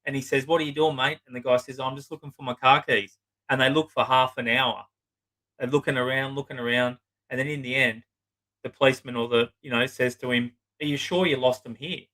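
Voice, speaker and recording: A man's voice: medium pitch, fairly even intonation, fairly quick, sharp tone, poor audio. A middle-aged man, a psychotherapist, telling client stories in a blunt, swearing, casual way and acting out their lines. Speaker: psychotherapist guest. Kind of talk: casual storytelling interview.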